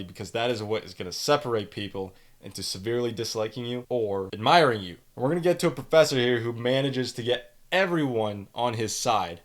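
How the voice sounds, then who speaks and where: A man's voice: medium pitch, a little fast. Blunt young Canadian man lecturing. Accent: Canadian English. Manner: blunt, animated, lectures with emphasis. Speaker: podcast host reading student reviews. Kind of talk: opinionated solo commentary.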